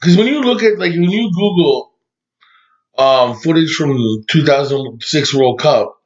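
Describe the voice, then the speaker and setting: A man's voice: a little high, animated, a little slow. A man co-hosting a podcast in casual chat, loose and profane, full of "like" and "dude". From Canada. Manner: loose, swears casually, says "like" and "dude" a lot. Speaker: podcast co-host. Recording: dull lo-fi sound.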